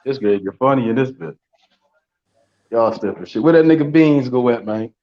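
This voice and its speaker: A man's voice: medium pitch, expressive, normal speed, muffled recording. A man with a Baltimore accent hosting a casual group chat, loose and laughing, with profane banter.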